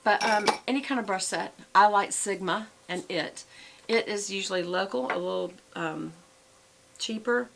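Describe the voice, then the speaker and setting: A woman's voice: mid-range voice, normal speed, gravelly, slight background noise, low-quality recording. A middle-aged woman, chatting casually in a show-and-tell vlog and rambling with fillers and self-corrections. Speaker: vlogger.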